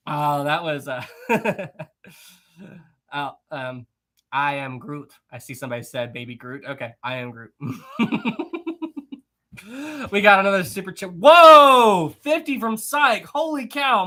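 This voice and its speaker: A man's voice: sits high, lively intonation, takes it slowly, long pauses, sharp tone. A man hosting a casual livestream, chatty and giggly, reading viewer messages and rambling with frequent restarts. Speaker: livestream host. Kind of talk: casual livestream chat, reading super chats.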